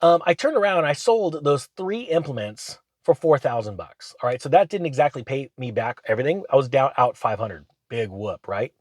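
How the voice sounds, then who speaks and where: A man, hosting his channel and telling rambling, animated business stories in casual chat. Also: medium pitch, brisk, hardly any pauses, no echo. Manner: rambling, animated anecdotes with acted quotes. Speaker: channel host. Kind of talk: casual storytelling monologue.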